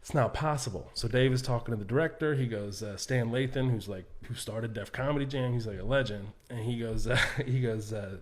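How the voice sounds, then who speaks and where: A man speaks as a podcast guest and spins a backstage story with a loose, casual flow. He acts out the other people's lines as he goes and laughs easily. His voice sits at an everyday middle pitch. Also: a little fast, hardly any pauses. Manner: animated, acts out quotes, laughs often.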